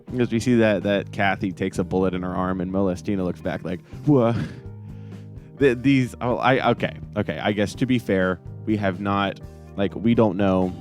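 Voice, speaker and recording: A man hosting a casual manga review chat, rambling and joking as he mock-quotes the characters. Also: low-pitched. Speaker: podcast host.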